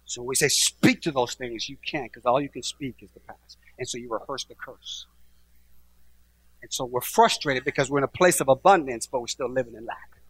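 A middle-aged male pastor preaching a sermon, urging the crowd with call-and-response lines and swinging from hushed tones to shouts. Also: mid-range voice, moderate pace, breathy edge, no room sound.

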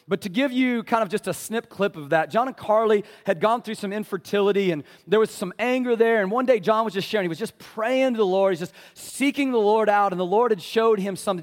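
High-voiced preaching man in a reverberant church. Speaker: pastor. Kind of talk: sermon. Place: church sanctuary.

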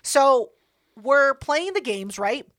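A woman's voice: sits high, expressive, takes it slowly, fairly bright tone, no room sound. A woman hosting a podcast in casual chat, telling a party story with lots of swearing and acting out other people's lines. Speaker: podcast host.

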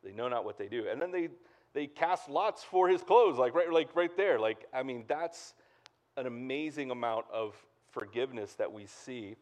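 A man preaching a sermon as pastor in a relaxed, conversational way, full of fillers and asides to the congregation. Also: mid-range voice, moderate pace. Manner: casual and chatty, lots of "like" and "right?".

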